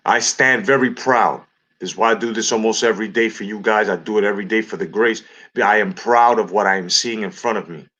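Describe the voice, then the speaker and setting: A man's voice: fairly low pitch, fairly quick, fairly bright tone, dull audio. Hyped male channel host. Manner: hyped and earnest. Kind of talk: reaction commentary.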